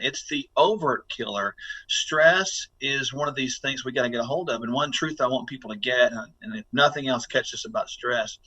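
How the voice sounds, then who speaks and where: A man's voice: medium pitch, sharp tone, slightly rough, rough recording. A man speaking as a guest health expert on a podcast interview, talking in an emphatic, instructive way as he coaches listeners.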